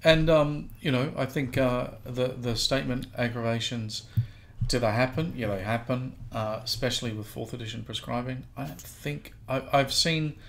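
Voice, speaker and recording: A man co-hosting a podcast, speaking hesitantly with many pauses and restarts. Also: medium pitch, steady tone, gravelly, slight background noise. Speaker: podcast co-host, practitioner. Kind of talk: casual podcast discussion.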